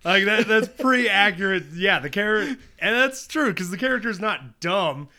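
A man co-hosting a casual podcast chat, excitable and quick to laugh, reading notes aloud between jokes. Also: high voice. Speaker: podcast co-host. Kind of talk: casual chat about a cartoon series.

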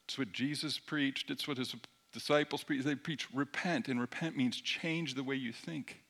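A middle-aged man preaching a sermon in a conversational way, dropping at times to a hushed near-whisper. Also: mid-range voice, steady tone, moderate pace. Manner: conversational, shifts between loud emphasis and hushed near-whisper. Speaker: pastor.

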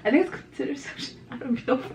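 A woman's voice: sits high, fast talker, gravelly, darkish tone, low-quality recording. A young woman from Canada hosting a casual podcast chat at home, rambling and giggly, often stumbling over her words. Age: young adult. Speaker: podcast host. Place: home room.

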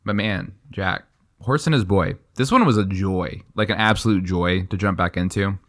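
A young man co-hosting a podcast in casual chat, talking in an animated way and jumping between asides. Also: sits low, moderate pace. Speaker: podcast co-host.

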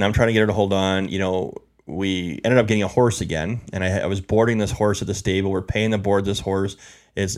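A man's voice: low-pitched, vocal fry. A man telling his life story as an interview guest, rambling with lots of fillers and repeats.

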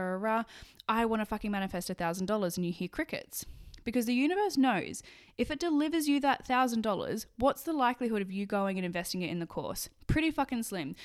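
A woman's voice: mid-range voice, smooth. A woman hosting a solo podcast, talking bluntly and swearing freely, acting out little quoted voices as she goes. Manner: blunt and sweary, lots of profanity; animated, acts out quoted voices. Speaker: podcast host. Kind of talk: casual solo podcast monologue.

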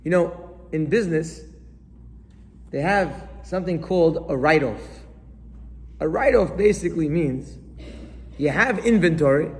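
A man giving an animated sermon, as a rabbi to a live audience, acting out questions and excuses. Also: a little high, unhurried, long pauses. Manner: animated, acts out questions and excuses in different voices. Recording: long hall reverb.

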